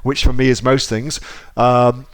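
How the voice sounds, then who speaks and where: A man's voice: mid-range voice, little pitch movement, measured pace. A man giving a casual screen-share tutorial about selling online, chatty, repeating himself and swearing offhandedly. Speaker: online seller teaching.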